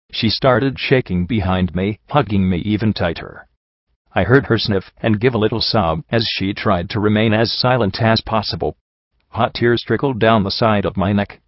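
A man reading a first-person story aloud in a calm, earnest narration. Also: on the low side, normal speed, no room sound. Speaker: audiobook narrator. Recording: dull lo-fi, dry.

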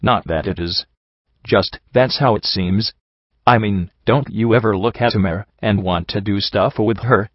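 A man's voice: on the low side, a little slow, dry recording, lo-fi sound. A man voicing a blunt, weary young female pony in a story reading.

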